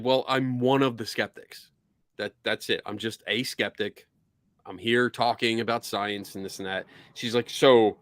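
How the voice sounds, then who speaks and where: A man hosting a casual podcast, telling a story with lively acted-out quotes. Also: medium pitch, no room sound. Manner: animated storytelling, acts out quotes. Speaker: podcast host.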